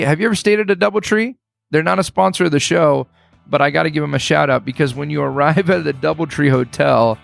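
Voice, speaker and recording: A man in his thirties hosting a podcast, talking to listeners in an earnest, encouraging monologue with halting restarts, a little choked up. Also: a little high, gravelly. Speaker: podcast host. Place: hotel room.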